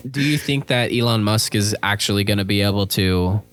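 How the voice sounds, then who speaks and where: A man's voice: fairly low pitch, fairly quick, a bit bright. A young man co-hosting a casual podcast, telling rambling stories with lots of swearing and restarts. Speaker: podcast co-host. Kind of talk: casual chat.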